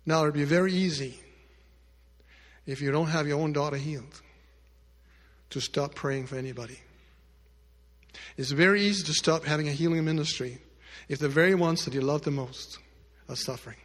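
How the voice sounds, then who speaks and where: A male pastor telling a story in a sermon, addressing the congregation directly and moving between loud emphatic lines and hushed quiet ones. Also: fairly high pitch, normal speed, long pauses, big-room sound. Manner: speaks directly to the congregation with asides.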